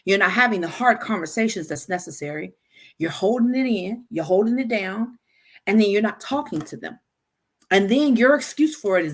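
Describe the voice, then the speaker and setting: A woman in the host's seat, talking through relationship advice in a casual, unscripted way. Her voice sits at an ordinary middle pitch. She turns to her listeners directly and often repeats words as she restarts her thoughts. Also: expressive, moderate pace. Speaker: podcast host.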